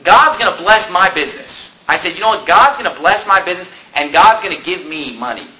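A man's voice: sits high, expressive, a little fast, bright, forceful tone, poor audio. A man preaching a sermon as pastor, venting with rising indignation and mixing scripture with personal stories.

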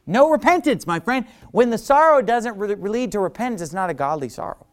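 Man, preacher, sermon, lively swooping pitch, clear resonant voice, acts out quotes with loud outbursts. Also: a little fast.

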